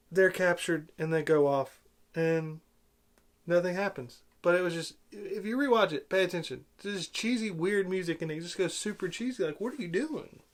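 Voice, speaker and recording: Man, higher-pitched voice, exasperated film rant, sarcastic, loud outbursts and low mutters. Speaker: movie reviewer. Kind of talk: ranting film review.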